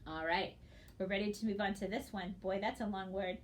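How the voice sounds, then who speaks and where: A woman teaches a recorded phonics lesson in a mid-range voice. She talks slowly and patiently, spelling out letters one by one. A faint hiss sits under the recording. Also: medium pitch, steady tone.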